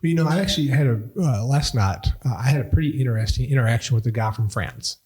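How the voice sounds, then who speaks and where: A male podcast host with an ordinary, mid-range voice. He chats casually and tells anecdotes. He keeps the conversation going with frequent quick agreements. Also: mid-range voice, a little mellow. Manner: chatty storyteller, backchannels often.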